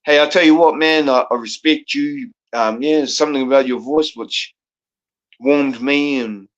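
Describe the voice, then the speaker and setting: On a live panel, a New Zealand-accented guest caller rambles through casual chat, swearing and laughing a lot. He speaks at a medium pitch and an unhurried pace, captured in dull, lo-fi audio.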